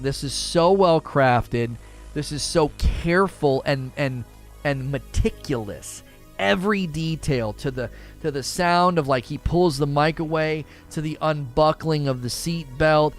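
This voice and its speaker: Chatting casually on his livestream, a male host reads out viewers' comments, turning animated with sudden high-pitched bursts whenever he quotes. He often lets his thoughts trail off quietly at the end.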